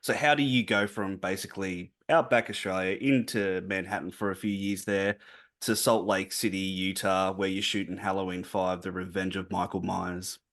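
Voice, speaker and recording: A man's voice: deep voice, fairly even intonation, moderate pace, fairly bright tone. A man hosting a casual interview, asking friendly conversational questions. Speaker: interviewer, host.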